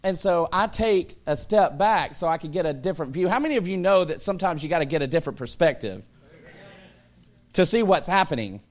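A man in his thirties preaches with a fairly high voice, spinning funny stories about family life. He acts out the voices of the people in them and builds to excited shouts as the tale climaxes. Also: fairly quick. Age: 30s. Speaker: pastor. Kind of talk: sermon with humorous personal stories.

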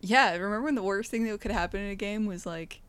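A woman's voice: mid-range voice, fast, a bit bright, clean tone. A woman co-hosting a podcast in casual chat, rambling and joking with lots of fillers. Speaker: podcast co-host, game developer.

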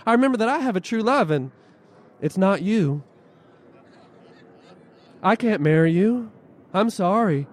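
A man's voice: high voice, lively intonation, a little slow, long pauses, pitched above the performer's own voice. A male storyteller voicing Jack, a bold, rich young folk hero. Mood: urgent.

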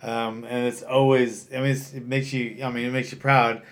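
A man's voice: mid-range voice, level tone, normal speed. A man who runs a fight gym and coaches fighters, talking bluntly and swearing freely in casual chat.

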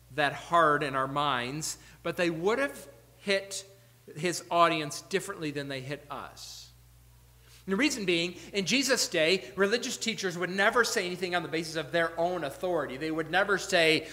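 High, bright-voiced preacher in an echoing hall. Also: male voice. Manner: earnest, rhetorical questions, swings between loud emphasis and quiet asides. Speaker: pastor. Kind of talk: sermon. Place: church sanctuary.

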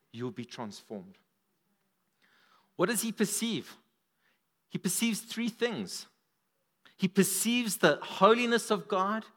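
A man preaching a sermon at a church service, animated, his voice swinging up and down for emphasis. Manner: animated, rises and drops in pitch and volume for emphasis.

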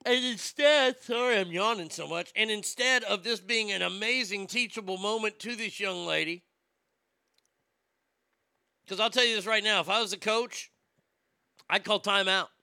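A man's voice: high voice, moderate pace, gravelly, long pauses, pushed and bright, smooth, no echo, clean studio sound. A man delivering a blunt, sarcastic, profane opinion rant as a commentator.

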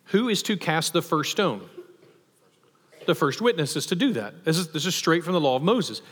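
Male preacher, slightly high voice, chatty emphatic sermon delivery, recorded with long reverb in a hall. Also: a bit bright, slightly rough. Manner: conversational, with rhetorical questions and emphatic asides.

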